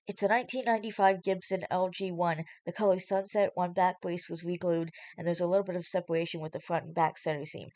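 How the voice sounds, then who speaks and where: A woman reads as a hot-tempered young man in a read-aloud story. His lines come out heated and snapping, in a lowish, plain voice. The recording is close and dry. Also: fairly even intonation, quick pace, few pauses, darkish tone, dry recording, natural voice. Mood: urgent. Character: angry protective young man.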